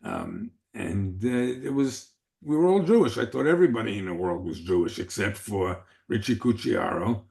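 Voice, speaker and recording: A man in his seventies from New York City, recalling his childhood in a relaxed way during an oral history interview. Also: fairly low pitch, moderate pace, vocal fry. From the Bronx, New York City. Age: 70s.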